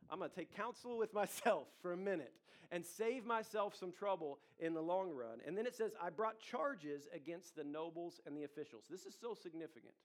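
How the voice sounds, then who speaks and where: A man's voice: high voice, fairly bright tone. A pastor in his thirties preaching a sermon in a conversational way, with asides to the congregation. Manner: conversational preaching with audience asides and acted quotes.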